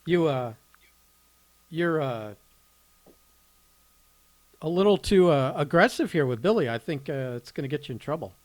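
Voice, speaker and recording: A man chats on a podcast in a halting way, stopping for "uh" again and again. His voice sits fairly high, and he teases dryly. The sound is close and dry, with no room echo. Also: animated. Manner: halting, full of "uh" fillers, dry teasing. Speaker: podcast co-host. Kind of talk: casual chat.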